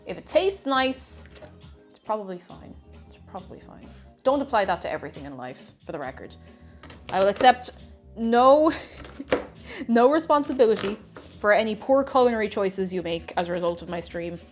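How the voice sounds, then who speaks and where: A woman's voice: mid-range voice, lively intonation, moderate pace, faint music behind. A woman chatting casually to viewers while cooking on a livestream, greeting them and laughing at herself. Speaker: streamer.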